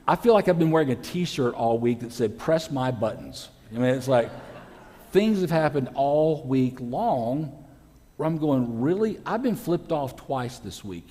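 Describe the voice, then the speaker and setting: A pastor preaches with a lively, swinging delivery and mellow timbre, slipping into the voices of people he quotes. His voice carries a long reverb from a large church hall. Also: medium pitch, a little slow. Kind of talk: sermon. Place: church sanctuary.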